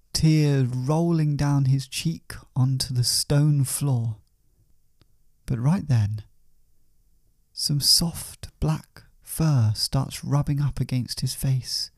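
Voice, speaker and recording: A man narrating a comic story in a deadpan, matter-of-fact way. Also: medium pitch, dry recording, clean studio sound.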